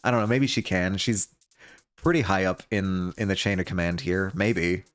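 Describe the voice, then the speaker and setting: A man streams a video game live, talking with viewers in a self-deprecating way and often laughing, with game music playing underneath. His voice is low and fairly even, at a normal speed, with no room sound.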